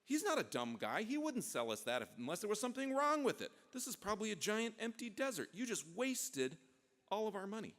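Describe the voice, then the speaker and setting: A man's voice: high-pitched, sing-song, a little fast, a bit bright, pitched above the performer's own voice. A man voicing an indignant Congress that speaks in a raised, scolding tone. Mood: furious. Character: loud, blustering Congress members. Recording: long hall reverb.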